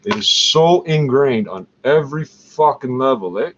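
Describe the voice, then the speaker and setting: A man's voice: medium pitch, expressive, normal speed, fairly bright tone. A Canadian man in pain, ranting heatedly and profanely in an angry vlog monologue. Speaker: vlogger. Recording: dull lo-fi recording with faint noise.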